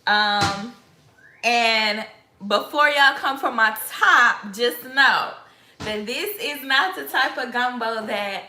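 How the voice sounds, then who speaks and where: A woman rambles through a cooking vlog in her kitchen, tossing asides to viewers. Her voice is bright and clear, and she talks at a slow, easy pace. The kitchen adds a roomy echo. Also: fairly high pitch. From Mississippi, US. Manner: chatty, rambling asides, says y'all. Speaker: lifestyle vlogger. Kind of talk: casual cooking vlog chat. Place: home kitchen.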